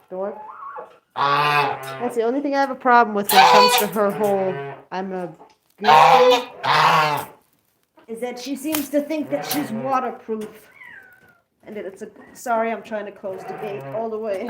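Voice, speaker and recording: A woman's voice: mid-range voice, expressive, measured pace, pauses often, heavy background noise. Rambling woman vlogging outdoors. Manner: rambling, stops to coo bedtime words at the birds. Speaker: pet goose vlogger. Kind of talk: casual chat while doing evening chores. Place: outdoors by a backyard coop.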